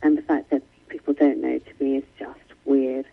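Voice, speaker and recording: A woman's voice: a bass voice, flat delivery, normal speed, creaky, husky, phone-quality sound. A woman author, speaking in an interview from London and talking with many restarts and asides. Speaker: author guest. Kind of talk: remote interview conversation. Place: home in London.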